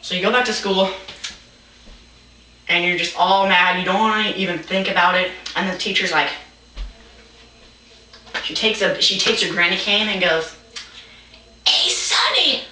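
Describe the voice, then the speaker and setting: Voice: mid-range voice, steady tone, normal speed, pauses often, sharp tone, slight background noise. A young stand-up comedian telling a rambling, absurd story, stumbling and restarting, saying "like" often, recorded in a roomy space from a distant mic.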